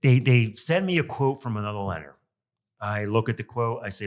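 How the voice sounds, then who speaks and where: A loan officer hosts a casual solo podcast, venting with animated exasperation and plenty of ums and uhs. His mid-range voice moves fairly quickly.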